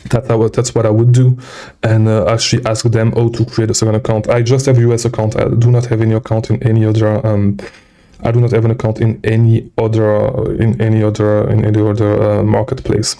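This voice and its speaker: This seller coach hosts a loose live Q&A indoors while on the road, reading viewer questions and repeating "okay?" as he rambles, short of breath. His lowish voice is warm, a little fast, and completely flat in delivery.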